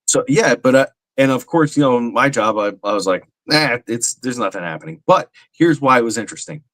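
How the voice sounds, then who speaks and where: A man's voice: mid-range voice, fairly quick, fairly bright tone, dry recording. A man co-hosting a podcast, telling a rambling anecdote with lots of fillers. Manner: rambling, self-deprecating, many fillers. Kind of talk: casual chat, anecdote.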